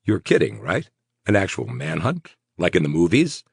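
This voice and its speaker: Wry ex-cop guy, read by a man, husky and gravelly, teasing ease. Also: low voice, wildly swooping pitch, normal speed, no echo, studio quality, full character voice. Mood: joking. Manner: wry, teasing, laid-back. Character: easygoing joking adult man, ex-cop.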